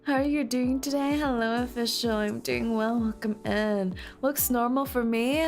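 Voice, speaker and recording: A woman's voice: on the high side, steady tone, moderate pace, soft background music. A woman streamer chatting casually with her viewers, playful and giggly, breaking into squealing outbursts now and then.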